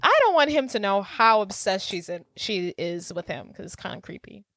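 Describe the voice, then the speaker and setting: Podcast co-host, woman, mid pitch, chatty recap voice, dry close sound. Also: expressive, moderate pace, fairly bright tone, no echo. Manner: chatty, retells scenes with lots of "like". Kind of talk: casual movie recap chat.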